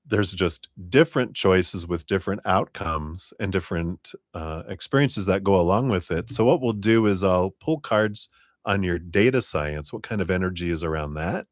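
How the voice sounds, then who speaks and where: A man doing a live-streamed tarot reading, talking gently and unhurriedly as he offers spiritual guidance. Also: low voice, normal speed, no echo, studio quality. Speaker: tarot reader.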